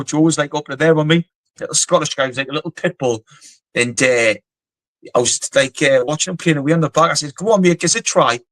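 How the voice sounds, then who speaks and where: In a laid-back storytelling interview, a middle-aged ex-soldier from North East England with a Geordie accent guests bluntly, rambling and cursing freely. The voice is fairly high and a bit bright, recorded without echo at low quality.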